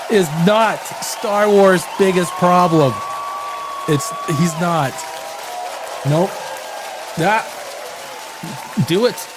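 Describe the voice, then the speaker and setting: A man hosting a rowdy live stream, loud and rambling, swearing and reading chat comments aloud, a little tipsy from wine. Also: sits high, background noise. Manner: animated, swings between shouting and muttering. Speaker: live show host.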